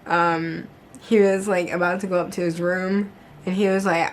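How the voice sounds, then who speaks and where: A woman's voice: fairly low pitch, little pitch movement, normal speed, slight background noise. Blunt, foul-mouthed young woman vlogger. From United States. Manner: blunt, heavy swearing, frequent "like". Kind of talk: casual storytelling to camera.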